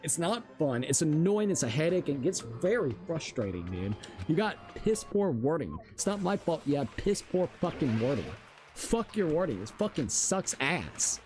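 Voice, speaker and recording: Man, streamer, live gameplay, frustrated swearing, lively pitch, faint game music. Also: moderate pace. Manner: profane, frustrated ranting.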